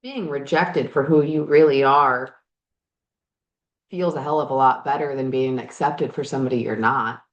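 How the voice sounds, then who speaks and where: A woman's voice: a bass voice, fairly even intonation, moderate pace, highs cut off. A woman life coach and podcast host talking frankly and animatedly, now and then swearing, while working on projects in her garage. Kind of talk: candid motivational chat. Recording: roomy echo.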